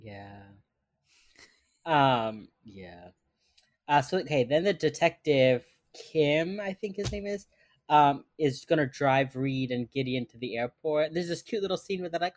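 A woman's voice: very deep voice, moderate pace, no room sound. A woman co-hosting a casual podcast, retelling a TV episode and acting out characters' lines as she goes. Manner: animated, acts out characters' lines while retelling. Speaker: podcast co-host recapping a TV episode. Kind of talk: casual chat.

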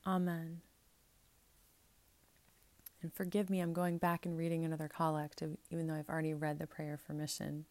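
A woman's voice: low-pitched, flat delivery, fast, hardly any pauses, a little mellow. A woman pastor reading prayers aloud, then preaching in an earnest, conversational way with asides.

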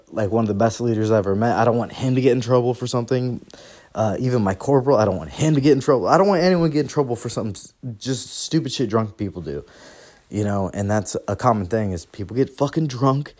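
Young male podcast host, mid pitch, casual and profane, rambling storyteller. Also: a little mellow. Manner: profane, rambling, laughs through his stories.

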